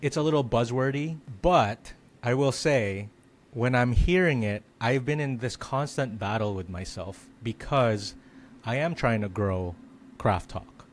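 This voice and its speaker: Unhurried and mid-pitched, a man hosts a podcast over a little hiss or hum. The conversation is casual; he muses out loud, peppering his thoughts with "like."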